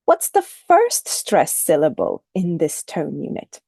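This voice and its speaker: A woman teaching a recorded lesson, speaking clearly and deliberately and modelling the intonation of example phrases. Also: low-pitched, huge pitch swings, dark tone, no room sound, studio quality. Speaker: English teacher.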